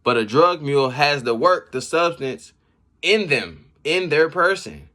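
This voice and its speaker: A man giving casual, slangy commentary on rap battle bars. He reacts with laughs and shouts as he explains each line. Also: a little high, very animated, unhurried. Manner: slangy street talk. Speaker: battle rap breakdown host.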